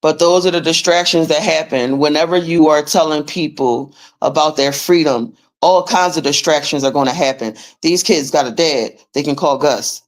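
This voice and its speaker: A woman's voice: deep voice, normal speed, hardly any pauses. Woman going off on a livestream, swears a lot, blunt and preachy, super emphatic. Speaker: livestream host teaching finance paperwork. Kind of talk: casual livestream rant.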